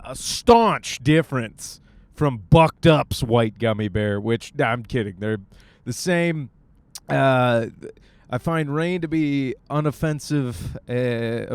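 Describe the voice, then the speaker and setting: A man's voice: medium pitch, clean tone. Young man, michigan, comic podcast host, joking monologue, resonant voice. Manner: jokey, riffing, acts out bits. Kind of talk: casual rambling monologue. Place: car on the way to the gym.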